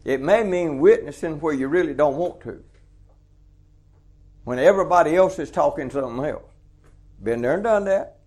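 A man's voice: fairly high pitch, a little mellow. A man preaching a folksy sermon, chuckling often and acting out little dialogues. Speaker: truck stop preacher.

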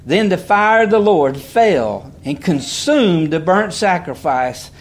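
A man with a fairly high voice preaches, reading scripture aloud to his listeners. He goes in bursts, repeating words and breaking off for quick asides. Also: big pitch swings.

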